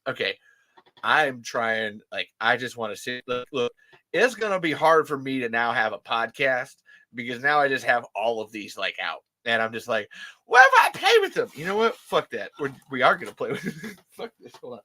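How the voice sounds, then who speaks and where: A vlogger unboxes collectibles, giddy and breathless, gasping, rambling, and swearing casually. The voice is bright and forceful and very expressive, its pitch swooping all over, at a moderate pace, in an excited unboxing vlog.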